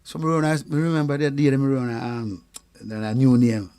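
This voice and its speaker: A man with a Jamaican accent, a guest singer telling lively anecdotes in patois and acting out the people he quotes. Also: mid-range voice, fairly quick, clean tone. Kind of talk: anecdotal storytelling chat.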